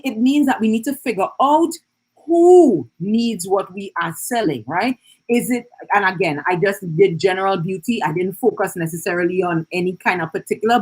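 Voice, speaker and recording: A woman's voice: medium pitch, husky. A woman hosting a live stream. She teaches in a chatty way, greets viewers and keeps checking in with "right?". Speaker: business coach hosting an Instagram live.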